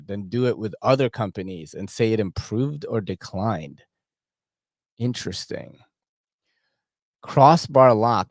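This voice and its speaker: Slangy man hosting a livestream, mid-pitched, dry close sound. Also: dry recording. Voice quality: slangy, laughing, animated. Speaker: host. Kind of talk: casual livestream chat.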